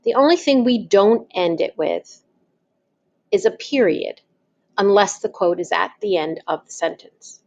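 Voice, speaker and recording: A woman talks through a lesson at an unhurried, careful pace. She explains patiently, step by step, like a teacher with her class. Her voice sits at an ordinary middle pitch. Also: animated, creaky, a little mellow, dull audio. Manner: patient, spells things out step by step. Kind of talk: slow, deliberate classroom explanation.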